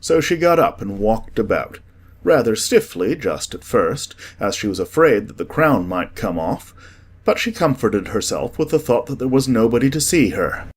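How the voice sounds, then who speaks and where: A man narrating a children's classic in a measured storytelling way for an audiobook. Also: lowish voice, big pitch swings, slightly rough.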